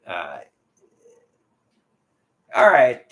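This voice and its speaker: A man's voice: mid-range voice, huge pitch swings, drawn-out words, slight background noise. A man hosting a casual livestream, reading viewer comments aloud and answering them, often repeating words and restarting as he goes. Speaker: livestream host.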